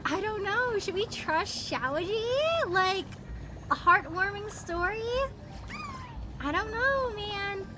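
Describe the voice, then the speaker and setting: A woman's voice: very high-pitched, expressive, takes it slowly. A woman streamer chatting casually with her live chat, bubbly and giggly, greeting viewers by name, her voice still recovering from strain. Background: game music.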